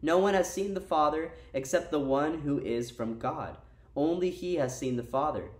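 Young guy youth pastor giving a chatty laid back sermon, kinda high voice, sounds a bit far from the mic in an echoey room. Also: expressive, moderate pace, darkish tone. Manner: casual, conversational preaching with slang and asides.

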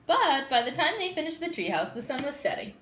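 A woman teacher reading a storybook aloud to children and explaining it, slow and expressive, with sound effects, in an echoey room with faint background noise. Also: sits high, distant mic.

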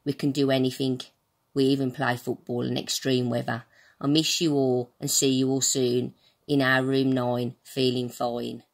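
A woman with a Birmingham accent reads her own rhyming poem aloud, speaking straight to her pupils. Her voice sits very low for a woman, and her reading stays earnest and direct. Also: flat delivery, normal speed. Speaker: school staff member.

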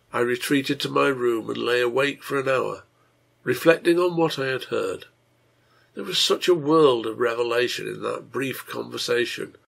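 A man reads a serial story aloud in steady, measured narration. His voice is gravelly and faintly husky, at a middle pitch. He speaks as the work's own translator. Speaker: translator and reader. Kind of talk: scripted narration.

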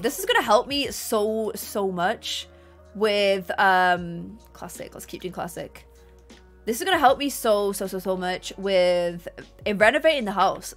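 A woman's voice: fairly high pitch, a bit bright. A woman live-streaming a game, chatting and gushing thanks to her chat. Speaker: gaming streamer.

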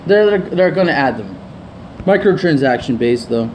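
A man's voice: mid-range voice, animated, normal speed, darkish tone, a little hiss or hum. A young man hosting casual gameplay commentary, joking around and reading game lines aloud. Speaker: gaming channel host.

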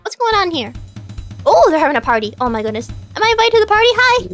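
A woman's voice: extremely high pitch, big pitch swings, fast, fairly bright tone. A woman streaming a video game, chatting and reading in-game dialogue aloud in a bubbly, playful way. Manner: bubbly, reads in-game characters in playful voices. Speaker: VTuber streamer. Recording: faint game music behind.

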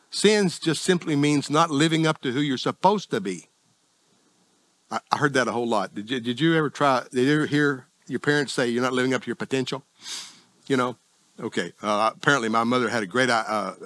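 A middle-aged man with a Southern US accent preaching a sermon in a folksy, self-deprecating, conversational way with sudden jumps in pitch. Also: fairly bright tone, no room sound. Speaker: pastor.

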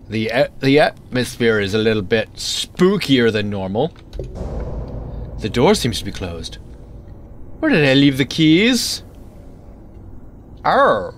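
Man, gamer commentary, unhurried, lively swooping pitch, rambling, startles easily. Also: a little hiss or hum. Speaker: let's play gamer. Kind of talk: casual game commentary.

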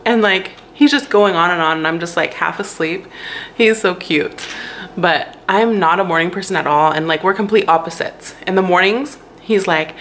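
A woman's voice: lowish voice, expressive, unhurried, fairly bright tone. Young woman vlogger, chatty, laughs a lot, faint noise behind. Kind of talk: casual chat.

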